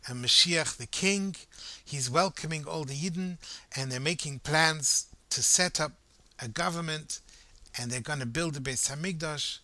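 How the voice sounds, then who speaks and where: Man, animated storyteller, bright tense tone, slightly high pitch, dry close sound. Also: moderate pace, no room sound. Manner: lively, conversational, acts out crowd voices.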